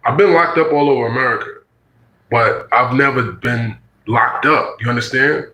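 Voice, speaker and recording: A man's voice: medium pitch, moderate pace, bright, forceful tone, echoey room, poor audio. A man in his forties telling a personal story in casual, slangy talk, acting out the voices he quotes.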